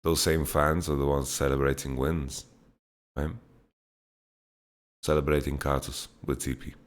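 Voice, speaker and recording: A man's voice: rumbling low, flat delivery, measured pace. A man hosting a casual Q&A podcast, answering viewer questions bluntly and laughing them off. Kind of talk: casual chat, Q&A.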